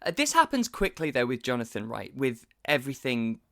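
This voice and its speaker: A man hosting a podcast in a casual, animated chat, often laughing and acting out quotes. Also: medium pitch, brisk, vocal fry. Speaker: podcast host.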